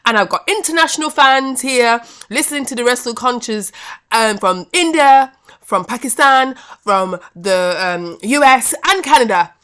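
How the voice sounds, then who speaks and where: A woman hosting a wrestling review podcast, talking in an exasperated, animated, chatty way. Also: fairly high pitch, a little slow. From Britain. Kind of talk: casual review rant.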